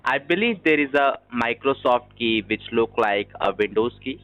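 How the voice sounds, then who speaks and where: A man's voice: medium pitch, expressive, normal speed. A man working as a phone support agent, reading a script with formal, repetitive phrasing over a phone line. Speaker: scam call agent. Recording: dull lo-fi phone audio with faint music.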